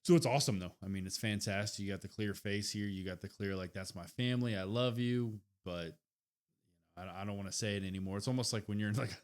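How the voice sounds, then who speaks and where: Low-voiced young man, laid-back podcast talk. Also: fairly even intonation, quick pace. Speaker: podcast co-host. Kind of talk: casual wrestling recap chat.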